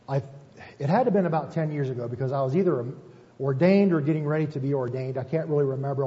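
Male pastor, folksy conversational sermon, higher mellow tone; lo-fi reverberant sanctuary recording. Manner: folksy, asks "right?" often, self-deprecating asides. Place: church sanctuary. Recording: muffled, echoey church hall recording.

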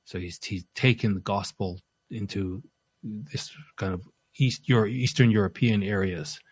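A man preaching an expository sermon, animated, often repeating words as he starts a phrase and speaking the apostle's words in the first person. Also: lowish voice, a little slow, husky, no echo.

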